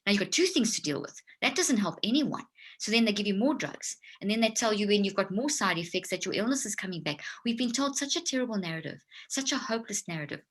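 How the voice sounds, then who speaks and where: A woman's voice: medium pitch, lively intonation, fast talker, a bit bright, breathy edge. A woman speaking as a guest expert. She explains emphatically, like a lecture, and often restarts her sentences. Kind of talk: explanatory talk.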